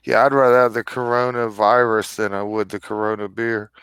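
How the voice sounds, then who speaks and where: A man's voice: on the low side, little pitch movement, fairly quick, fairly bright tone, smooth, dry recording. A man in a casual chat, giving dry, agreeable replies.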